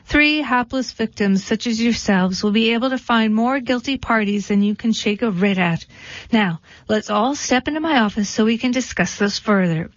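A woman voicing a scheming male fox lawyer in a storybook reading, smooth and salesman-like. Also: a little high, normal speed, no room sound, lightly acted. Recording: dull dry lo-fi recording.

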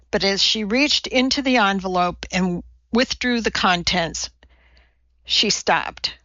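A woman narrating a novel in an even storytelling voice, slightly muffled. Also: mid-range voice, takes it slowly, no room sound. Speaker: audiobook narrator. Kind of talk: scripted narration.

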